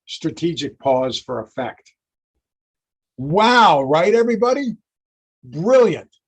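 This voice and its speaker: A man giving a history lecture, telling the story with lively acted-out quotes. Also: on the high side, slow pace, breathy edge.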